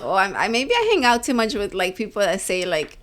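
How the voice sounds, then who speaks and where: A woman's voice: medium pitch, brisk. Woman podcast host telling a story. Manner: animated storyteller, mixing Spanish and English. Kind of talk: casual storytelling chat.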